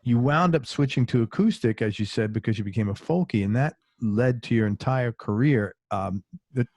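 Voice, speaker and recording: A man's voice: mid-range voice, moderate pace, darkish tone, no echo. Eager American male interviewer, dry sound. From United States. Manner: enthusiastic, asks follow-up questions. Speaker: interview host. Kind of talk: casual interview.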